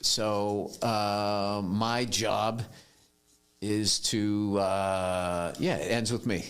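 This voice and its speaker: Middle-aged male guest, low voice, candid and halting. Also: fairly even intonation, fairly bright tone, a little hiss or hum. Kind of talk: candid interview.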